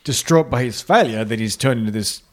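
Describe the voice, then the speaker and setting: Quick-talking guy tossing jokes into a movie chat. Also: mid-range voice. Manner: quick jokey interjections. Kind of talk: casual film review chat.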